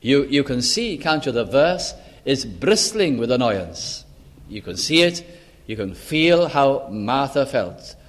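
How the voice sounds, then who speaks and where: A man preaching a sermon in a slow, deliberate and emphatic way, with dramatic pauses. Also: medium pitch, big pitch swings.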